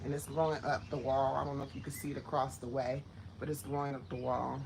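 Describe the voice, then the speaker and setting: A woman vlogging from her home garden, talking straight to her viewers with warm enthusiasm and emotion, filming on a phone outdoors. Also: a bass voice, little pitch movement, quick pace, vocal fry, noisy background. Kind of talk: casual garden walkthrough vlog. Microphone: phone held while walking.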